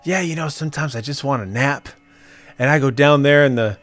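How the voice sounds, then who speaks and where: A man's voice: mid-range voice, fairly quick, fairly bright tone. A young adult man in casual chat, telling a ghost story with swearing and laughter.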